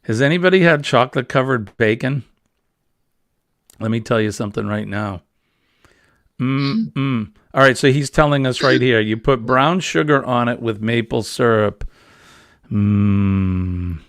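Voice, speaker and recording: A man's voice: medium pitch, measured pace, pauses often, a bit bright, no echo, studio quality. A middle-aged man hosting a casual morning chat show, rambling and jokey. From New England. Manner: rambling, jokey, easily amused. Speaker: host.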